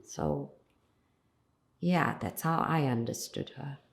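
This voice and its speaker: A woman's voice: rumbling low, takes it slowly, gravelly. A South African actress in an interview, answering earnestly and reflectively and building her points through lists of repeated phrases. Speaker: lead actress, interview guest.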